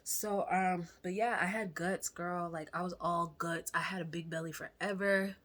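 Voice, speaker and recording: A young woman telling a candid personal story to camera in a chatty, animated way, sometimes dropping to a whisper for asides. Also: fairly low pitch, normal speed. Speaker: vlogger.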